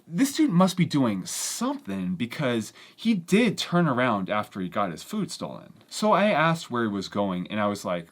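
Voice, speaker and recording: A woman vlogger animatedly retelling a strange story in an exasperated storytime vlog. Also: rumbling low.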